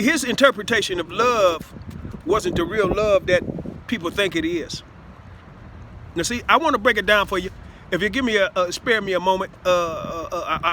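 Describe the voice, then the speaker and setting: Casting note: man, high and bright voice, halting off-the-cuff monologue, faint street noise behind. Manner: halting, full of stammered repeats and "see?". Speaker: self-styled speaker addressing listeners. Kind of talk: rambling improvised monologue.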